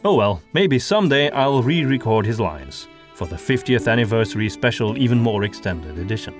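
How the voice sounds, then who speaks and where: A man from Belgium explains how he made his audio drama, with dry touches of humor. His pitch moves in a lively way. Soft music plays quietly underneath. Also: moderate pace. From Belgium (Antwerp). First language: Flemish. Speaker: audio drama creator and voice actor. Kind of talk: behind-the-scenes commentary.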